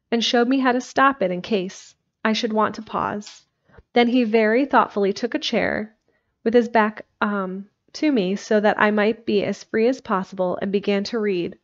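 A woman reading a classic novel aloud, steady with occasional slips and restarts. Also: mid-range voice. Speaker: narrator. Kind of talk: audiobook reading. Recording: dull lo-fi livestream recording.

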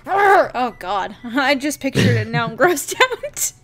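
A playful woman hosts a casual let's play, her high voice swooping up and down as she jokes and giggles with a co-host. Faint game music runs underneath her close desk mic. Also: sing-song, moderate pace, a bit bright. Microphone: desk microphone with earbuds.

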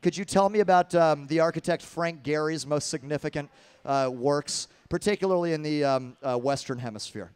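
A man's voice: fairly high pitch, normal speed, clean tone, no echo, natural voice. A man playing an exasperated, crude schoolteacher, half-singing in improvised comedy over loops. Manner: half-sung, drawling, crude outbursts. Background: loud looped music.

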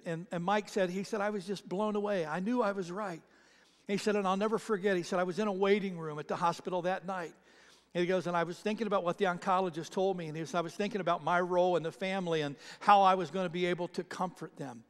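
A man preaching a sermon as pastor, telling stories and retelling other people's words, with frequent restarts. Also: high-pitched. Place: church sanctuary. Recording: reverberant church hall.

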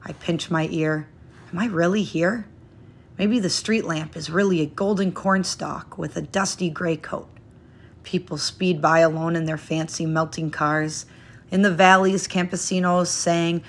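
A woman reading a children's picture book aloud in a gentle, expressive, unhurried way. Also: low voice. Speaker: storyteller.

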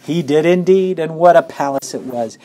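A man's voice: a little high, moderate pace, a little hiss or hum, voice pushed up, natural voice. A man voicing an old grandfather spinning a story for a child in a storybook reading, sometimes dropping to a secret whisper. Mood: storytelling. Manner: animated storytelling that drops to a hushed whisper. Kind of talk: storybook read-aloud.

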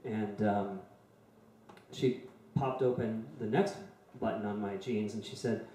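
A man in his forties telling a personal story in a soft, halting way before playing a song. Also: fairly low pitch, steady tone, slight background noise. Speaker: singer-songwriter. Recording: very echoey room.

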